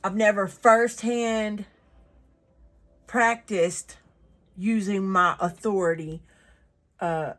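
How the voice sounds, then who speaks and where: A woman's voice: medium pitch, fairly even intonation, takes it slowly, long pauses. A woman, reading the Bible aloud and reflecting on it in a chatty, earnest way with many fillers.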